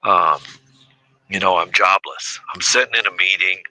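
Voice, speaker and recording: A man's voice: deep voice, moderate pace, pushed and bright, no echo, low-quality recording. A man in his fifties telling his story as a guest in a casual interview, rambling and heavy with fillers. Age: 50s. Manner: rambling, heavy with "you know" and "uh". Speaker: podcast guest.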